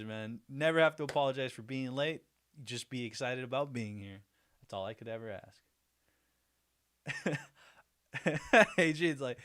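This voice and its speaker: A man's voice: medium pitch, a bit bright, clear, resonant tone. Chatty man hosting a livestream. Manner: chatty, laughs often, self-deprecating. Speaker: livestream host. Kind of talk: casual livestream chat.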